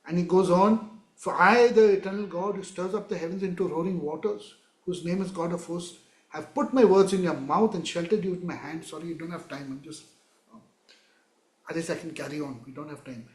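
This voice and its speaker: High-voiced man teaching a Torah class. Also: a little fast, a little mellow, roomy sound. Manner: emphatic, repeats words, switches between Hebrew verses and English.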